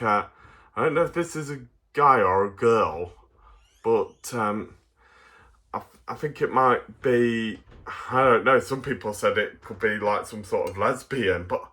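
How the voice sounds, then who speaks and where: A man's voice: fairly low pitch, sharp tone. A man from Derbyshire with a Derbyshire English accent, chatting through a casual toy review with frequent chuckles and fillers. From Derbyshire, England.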